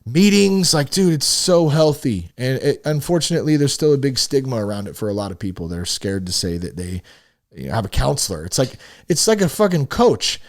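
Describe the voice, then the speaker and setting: A man hosting a casual solo podcast, reading a list of tips and commenting on each one in an animated, profane, buddy-like way. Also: mid-range voice, a little fast. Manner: animated, swearing, talks to listeners as "dude". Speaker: podcast host.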